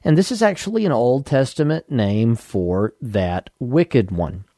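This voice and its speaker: Mellow-voiced man preaching a radio sermon. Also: medium pitch, lively intonation, no echo, clean studio sound. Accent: Southern US. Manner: measured, explanatory preaching with scripture readings. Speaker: pastor.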